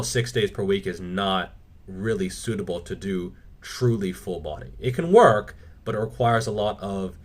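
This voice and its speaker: Male fitness host, casual Q&A delivery, blunt and opinionated, swears freely. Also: lowish voice. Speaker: fitness channel host answering viewer questions. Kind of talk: casual Q&A monologue.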